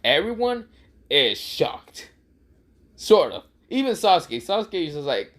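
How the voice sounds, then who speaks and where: A man improvising a fan story out loud in a casual, swearing, often laughing way, with frequent restarts. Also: on the high side, very animated, a little slow.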